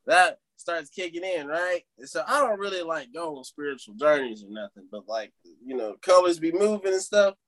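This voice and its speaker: Animated young man telling a story. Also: fairly high pitch, moderate pace, hardly any pauses. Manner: animated, laughs through his story. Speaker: podcast co-host. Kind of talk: casual storytelling among friends.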